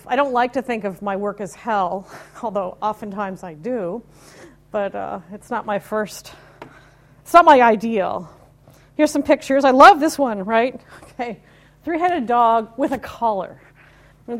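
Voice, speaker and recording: A woman in her fifties, from the United States, giving a live technical talk with a chatty, informal manner, wry asides and questions to the audience. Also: a little high. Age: 50s. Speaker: conference speaker.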